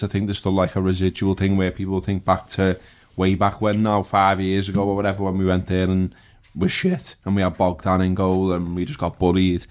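Low-voiced Liverpudlian man, relaxed banter. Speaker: podcast panelist. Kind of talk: casual football podcast chat.

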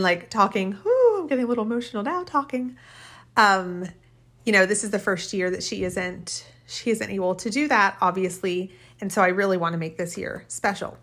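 A woman hosting a podcast delivers a casual storytelling monologue, recounting a personal story in a heartfelt, rambling way and often laughing as she talks. Her voice sits on the low side with a fairly bright tone.

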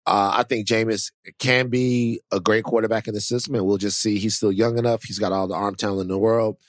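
A man's voice: fairly low pitch, steady tone, fairly quick, dry recording, clean studio sound. A man co-hosting a podcast in casual chat, rambling with many fillers and restarts. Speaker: podcast co-host.

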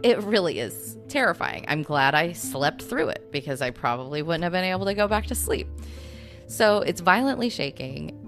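A woman with a low voice tells a story on her podcast, casual and rambling, always circling back through little asides. Faint music sits quietly behind her. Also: expressive, normal speed. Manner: rambling, full of "you know" and "like" asides. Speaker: podcast host.

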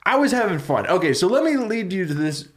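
A man co-hosting a podcast, casually pitching a movie idea, rambling with many fillers and laughing easily. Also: sing-song, fairly quick, heavy background noise. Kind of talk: casual chat.

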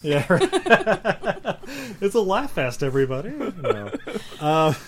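A co-host on a casual movie podcast with a mid-pitched voice, talking in chatty, sarcastic asides broken up by laughs. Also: sing-song, slow pace, a little hiss or hum. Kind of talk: casual movie-review banter.

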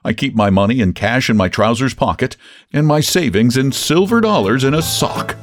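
A man reading a short story aloud as host of a literature podcast, with an expressive storytelling delivery. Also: mid-range voice, normal speed, dry recording, clean studio sound, soft background music. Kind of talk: audiobook-style story narration.

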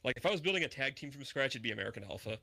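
Bright-voiced excited young wrestling fan. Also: male voice, mid-range voice, rapid-fire, creaky, no room sound. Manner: enthusiastic fan, swears, laughs often. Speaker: podcast co-host. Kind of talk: casual chat recapping wrestling.

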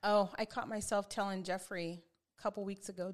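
A woman's voice: medium pitch, fairly even intonation, fairly quick. A middle-aged woman chatting as a podcast guest, laughing often as she tells family stories. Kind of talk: casual chat.

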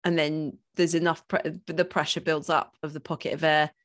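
A woman's voice: low-pitched, flat delivery, moderate pace. A woman co-hosting a podcast, chatting playfully and laughing often. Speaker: podcast co-host. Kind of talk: casual podcast chat.

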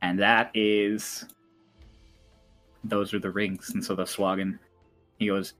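A man's voice: lowish voice, little pitch movement, slow, long pauses, a bit bright, faint music behind. A man running a tabletop game who narrates in a chatty way, laughing often and using many fillers. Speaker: game master.

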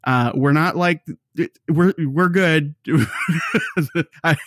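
A man's voice: on the high side, very slow, fairly bright tone, no echo. Middle-aged male podcast co-host, casual and giggly, dead-dry mic. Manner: rambling, laughs often while browsing online. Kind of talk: casual chat.

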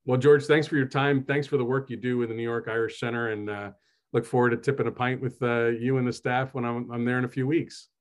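A man's voice: medium pitch, flat delivery, brisk. A man from New Jersey, a host and author, telling stories in a casual, chatty, self-deprecating way with many fillers. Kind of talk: casual conversational storytelling.

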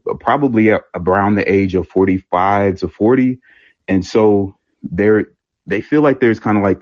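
Deep-voiced young man calling in. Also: a little mellow, dry recording. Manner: earnest, thoughtful, many ums and restarts. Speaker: caller. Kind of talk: opinion call-in. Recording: dry lo-fi online audio.

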